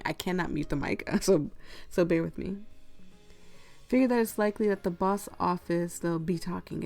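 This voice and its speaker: A woman playing a story game, chatting in rambling, giggly tangents while losing her voice. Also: medium pitch. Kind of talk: casual commentary and reading aloud.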